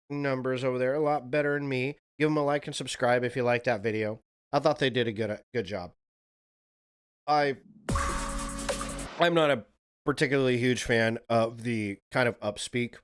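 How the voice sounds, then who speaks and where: A man hosting a livestream, reacting to a video and chatting casually with viewers in a rambling, profane way. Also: medium pitch. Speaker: livestream host.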